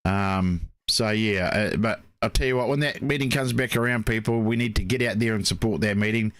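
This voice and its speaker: A man's voice: on the low side, a little fast, a bit bright, no echo. A man co-hosting a racing show, telling long rambling stories full of "mate, you know". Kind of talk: casual chat.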